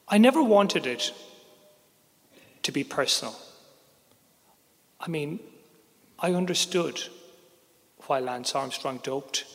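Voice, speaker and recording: A middle-aged man, a sports journalist, telling a first-person story in a wry, measured way that drops quietly on heavy moments. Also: on the high side, creaky. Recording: long reverb, hall-like.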